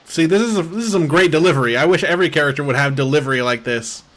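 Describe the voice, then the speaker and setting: A man's voice: a little high, very fast, fairly bright tone. Rambling man commenting on gameplay. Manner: rambling, heavy use of "like". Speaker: streamer.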